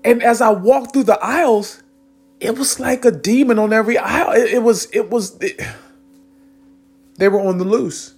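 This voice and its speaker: A man's voice: sits high, moderate pace, creaky, a little mellow, breathy edge. A young man earnestly recounting a spiritual experience in a rambling way, with many restarts and moments where he gets tearful. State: tearful at times. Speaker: vlogger. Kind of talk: personal spiritual storytelling.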